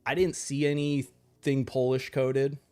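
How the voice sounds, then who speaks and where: A man's voice: medium pitch, flat delivery, measured pace, darkish tone, clean tone, faint music behind. An American man giving casual, rambling game commentary, laughing often and restarting his sentences. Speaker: streamer.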